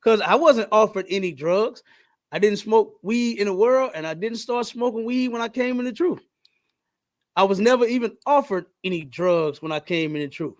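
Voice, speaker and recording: A man's voice: sits high, animated, moderate pace. A man hosting a podcast in casual chat, talking in an emphatic, preachy way and repeating his points. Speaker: podcast host.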